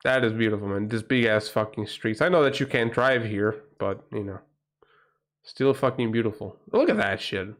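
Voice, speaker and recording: A man's voice: on the low side, normal speed, a bit bright. A man from Portugal with a Portuguese accent, a livestream host in a rambling, profane, casual chat who often breaks into exclamations.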